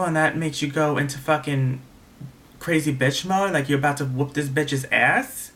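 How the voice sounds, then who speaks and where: A young man giving a casual, animated video review of a reality show, swearing often and repeating himself, with faint background noise. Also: fairly high pitch.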